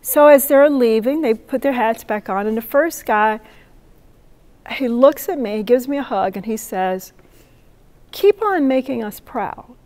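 A woman in her seventies, a poet laureate, telling a lively story to an audience and acting out the voices of the people in it. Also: fairly high pitch, normal speed. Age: 70s. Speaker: poet laureate giving a talk. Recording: long reverb of a hall.

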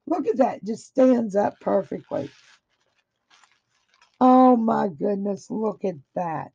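A woman speaks slowly in a dark, gravelly, husky voice, pouring out effusive praise as she unboxes a gift. Her throat sounds a little dry. The recording is dull and lo-fi. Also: medium pitch. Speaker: craft vlogger opening happy mail. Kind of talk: casual unboxing chat. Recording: dull lo-fi audio.

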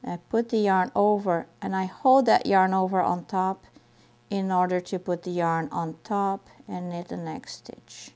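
Slow, patient woman teaching knitting. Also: mid-range voice, steady tone, darkish tone. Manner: patient, repeats steps slowly while demonstrating. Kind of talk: step-by-step craft tutorial.

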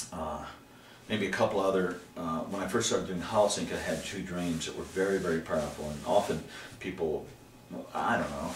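A middle-aged man from Texas, a guest in an interview, telling about his dreams in an animated way, jumping to high exclamations when he acts out scenes. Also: far from the mic. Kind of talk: personal storytelling in an interview. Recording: roomy, from away from the mic, faint background hiss.

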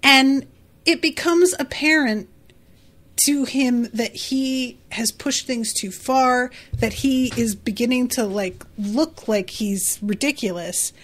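A woman's voice: a little high, takes it slowly. A woman hosting a casual book podcast who gushes, giggles and swears casually. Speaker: podcast host.

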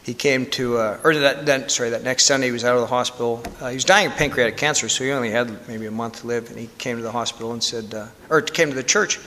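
A priest telling a story in a candid, conversational sermon with self-deprecating humor. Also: male voice, mid-range voice, quick pace, few pauses, pushed and bright, a little hiss or hum. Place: church. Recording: long church reverb.

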